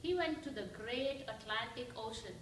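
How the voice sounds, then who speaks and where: A woman's voice: a little high, moderate pace, a bit bright, a little hiss or hum. A woman giving a devotional talk as a guest speaker in a church, telling a story and asking the audience questions. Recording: echoey church hall from far off.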